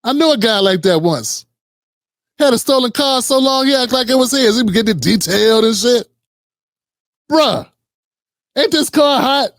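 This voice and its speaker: A man's voice: very high voice, expressive, a little fast, no room sound, studio quality. A man hosting casual political reaction commentary, mocking and slangy, sometimes putting on voices.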